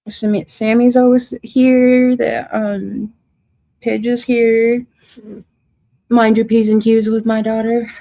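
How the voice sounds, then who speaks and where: A woman's voice: fairly high pitch, dark tone, no echo, poor audio. A woman hosting a livestream who reads out viewers' comments and answers them with emotion and confrontation. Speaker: livestream host. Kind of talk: casual livestream chat reading viewer comments.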